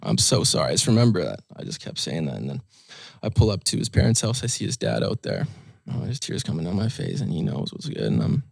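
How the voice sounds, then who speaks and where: Soft-spoken young man with a gravelly voice. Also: sits low, big pitch swings, fast, no room sound, studio quality. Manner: soft-spoken, heartfelt, many fillers. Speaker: guest musician. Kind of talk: candid interview storytelling.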